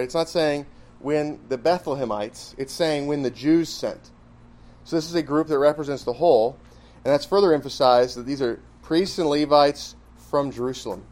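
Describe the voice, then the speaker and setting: A man's voice: a little high, a little mellow. Emphatic man teaching a Bible lesson. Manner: conversational, emphatic, rhetorical questions and asides.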